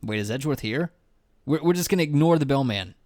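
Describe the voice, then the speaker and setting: A man chatting casually while playing a video game on stream with a friend. His voice sits in an ordinary middle pitch, and he jokes and teases. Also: lively intonation, fast, a little mellow. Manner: joking, teasing, breaks into laughs. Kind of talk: casual gaming chat.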